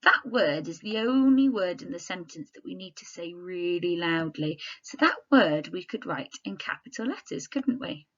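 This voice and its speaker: A female primary teacher leads a recorded literacy lesson for children learning at home, often pausing to ask them questions. Her lowish voice is bright and forward, with lively intonation, clear, expressive delivery, a moderate pace and hardly any pauses. The audio sounds dull and lo-fi, like a laptop microphone.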